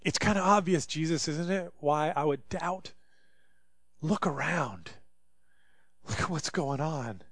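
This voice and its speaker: A man preaching a sermon, moving between loud, impassioned pleading and hushed, quiet stretches. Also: on the high side, animated, slow, pauses often, no echo. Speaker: pastor.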